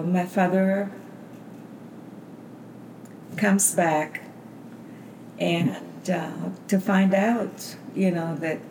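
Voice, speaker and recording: A woman's voice: lowish voice, darkish tone, a little hiss or hum. Older woman telling her family story. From Bulgaria. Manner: meandering, many fillers and restarts. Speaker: interviewee. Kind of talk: personal storytelling. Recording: roomy interview recording.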